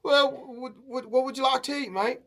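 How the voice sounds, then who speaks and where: A man's voice: very high-pitched, fairly even intonation, normal speed, sharp tone, pitched above the performer's own voice, exaggerated voice. Man voicing a laid-back Australian bloke, raised and breezy, easygoing, drops "mate" everywhere. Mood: cheery. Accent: put-on Australian. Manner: cheery, easygoing, says "mate" often. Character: friendly Australian man hosting a guest at his home.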